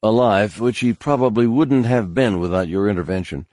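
A man reading the part of a brisk, courteous officer giving thanks. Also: fairly low pitch, darkish tone, no room sound, lightly acted. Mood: grateful.

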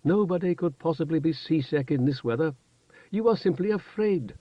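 A man reading the part of a firm, no-nonsense middle-aged woman in an audiobook, brisk and then quietly tender. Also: on the high side, lively intonation, dry recording, highs cut off, voice pushed up, close to an everyday voice. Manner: firm, brisk, scolding then softly warm.

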